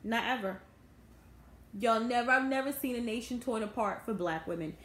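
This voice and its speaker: A woman's voice: a little high, animated, brisk, a bit bright. Indignant woman ranting, echoey room. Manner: indignant, bitter, addresses viewers directly. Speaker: vlogger. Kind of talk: ranting opinion vlog. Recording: echoey room, faint background noise.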